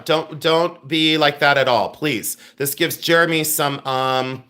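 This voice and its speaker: A middle-aged man hosting a live-stream sale, reading out viewer names and orders and making quick asides to his helpers. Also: fairly high pitch, bright, forceful tone. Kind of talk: live-stream selling chat.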